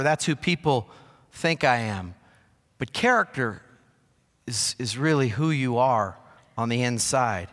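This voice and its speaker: A man preaching to his congregation, his voice bright and forward. He tells stories from his own life with easy, self-deprecating humor. His words ring out with the long reverb of a large hall. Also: a little high. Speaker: pastor. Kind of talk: sermon. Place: church sanctuary.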